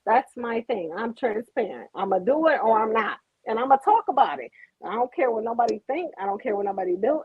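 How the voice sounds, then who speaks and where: A woman's voice: a little high, expressive, a little fast, husky. A woman co-hosting a casual chat, talking bluntly and swearing freely. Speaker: podcast co-host. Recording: muffled lo-fi sound.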